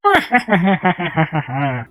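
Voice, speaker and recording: A man's voice: high voice, wildly swooping pitch, extremely slow, fairly bright tone, no room sound, soft background music. A man hosting a let's play, reading a visual novel's text aloud and joking about what happens. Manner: playful, reacting and joking between read lines.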